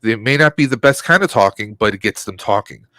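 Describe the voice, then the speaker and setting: A man's voice: fairly low pitch, lively intonation, brisk, pushed and bright, no echo. Opinionated man on a dry mic. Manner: opinionated, rambling rant. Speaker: podcast co-host. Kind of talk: casual chat.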